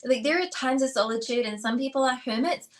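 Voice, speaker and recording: A woman's voice: high-pitched, fairly quick. A woman co-hosting a relationship talk show, chatting casually with many fillers and acting out little quotes. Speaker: co-host, relationship expert. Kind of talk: casual chat.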